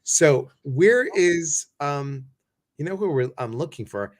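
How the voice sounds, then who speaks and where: A man's voice: fairly high pitch, lively intonation, takes it slowly. A man hosting a live stream, chatting casually and greeting viewers one by one by name.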